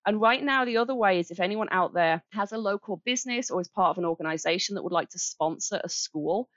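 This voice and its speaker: A woman's voice: medium pitch, quick pace, fairly bright tone, dry recording, lo-fi sound. A woman from England with a Birmingham accent, speaking as a charity director in a casual interview, explaining things in a friendly, plain-spoken way. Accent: Birmingham English.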